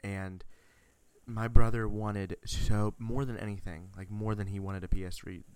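A man's voice: lowish voice, little pitch movement, measured pace, a little mellow, clear, resonant tone. A young man hosting a podcast, telling a nostalgic story in an enthusiastic, rambling way. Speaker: podcast host. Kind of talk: casual storytelling chat.

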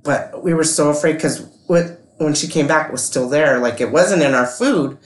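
A woman's voice: sits low, normal speed, reverberant, poor audio. A woman co-hosting a podcast in casual chat, talking hesitantly with many fillers. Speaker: podcast co-host.

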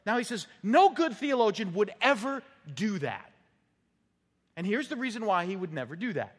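A man preaching a sermon to his congregation, talking in a relaxed, conversational way and teasing the listeners now and then. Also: high-pitched, moderate pace. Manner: conversational, teasing, lively emphasis. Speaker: pastor. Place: church sanctuary. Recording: church hall with long reverb.

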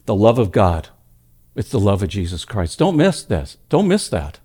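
A male pastor preaching a sermon at a church service, telling stories with animated delivery that swings between loud emphatic lines and hushed ones. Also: on the low side, normal speed, slightly rough.

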